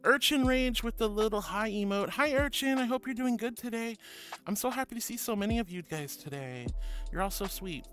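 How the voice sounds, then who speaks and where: Tender, high-pitched male streamer, doting on chat, soft music bed. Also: lively intonation, brisk. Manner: gentle and affectionate, calls viewers honey and sweetie. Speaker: VTuber streamer. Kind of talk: casual livestream chat, reading viewer messages.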